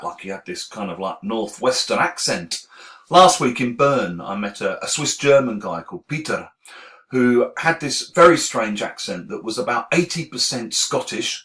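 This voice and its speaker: A man's voice: fairly low pitch, a bit bright. Man, English regional accent, candid, opinionated, reflective talk to camera. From England. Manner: candid, opinionated, self-deprecating. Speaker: teacher trainer.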